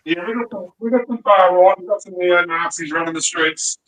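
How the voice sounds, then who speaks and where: Bright-voiced Australian man, rambling. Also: sits high, brisk, low-quality recording. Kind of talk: casual live stream chat.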